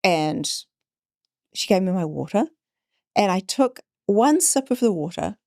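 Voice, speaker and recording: Animated storytelling woman, dry sound. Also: medium pitch, measured pace, dry recording. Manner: animated, acts out quoted voices. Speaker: podcast guest. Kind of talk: storytelling in conversation.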